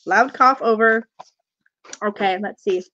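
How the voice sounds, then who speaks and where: A woman's voice: mid-range voice, a little slow, sharp tone, highs cut off, slight background noise. A woman with a cough chatting on a live stream, rambling, laughing and reading viewer comments aloud while she unboxes. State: has a cough, sucking cough drops. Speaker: tarot video creator doing a live unboxing. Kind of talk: casual live-stream chat.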